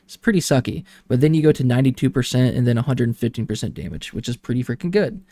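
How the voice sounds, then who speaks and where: A man's voice: mid-range voice, animated, fast, mellow, no echo, studio quality. A man streaming a game, rambling and chatting casually to his viewers and laughing often.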